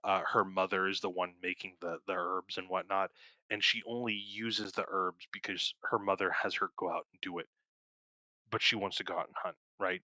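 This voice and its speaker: Rambling, profane young man with a bright voice. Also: low voice, steady tone, moderate pace, no echo. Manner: rambling, profane, laughs often, enthusiastic. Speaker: podcast co-host. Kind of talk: casual film review chat.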